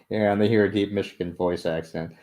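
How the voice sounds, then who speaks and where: Young male streamer, low voice, loose and profane, self-mocking humor, late-night chat at home. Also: fairly even intonation, a little fast, mellow. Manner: joking, self-mocking, swears freely, laughs often. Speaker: livestreamer building a model ship.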